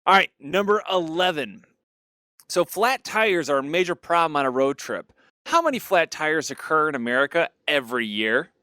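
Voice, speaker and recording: Man, podcast host, trivia reader, laughs easily, higher voice, dry voice-chat mic. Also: clear, resonant tone, dry recording. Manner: giggly, animated, quick to crack up. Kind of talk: casual podcast chat, reading trivia questions.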